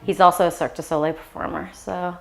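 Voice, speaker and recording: A middle-aged actress in an interview, telling stories animatedly and acting out what others said. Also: female voice, fairly low pitch, fast, vocal fry. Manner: animated storytelling, quotes others.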